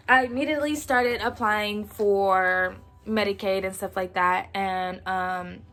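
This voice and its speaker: A young woman in her twenties tells a story from her own life in a relaxed, slangy vlog voice. There is a gravelly fry running through her speech, and faint music plays underneath. She acts out the quoted lines as she goes. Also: medium pitch. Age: 20s. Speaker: vlogger. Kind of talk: casual storytime.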